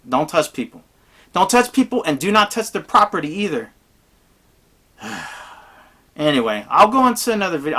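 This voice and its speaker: A gamer talks through tabletop role-playing advice in an unscripted monologue. The delivery is blunt and emphatic, and it wanders from point to point. The voice sits at an ordinary middle pitch. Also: sharp tone.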